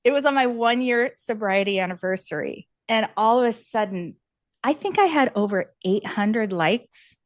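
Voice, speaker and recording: Brief: lively woman guest, slightly high voice, dry close sound, earnest and encouraging, candid storyteller. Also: moderate pace, no echo. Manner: animated, laughs often, acts out quoted voices. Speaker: podcast guest.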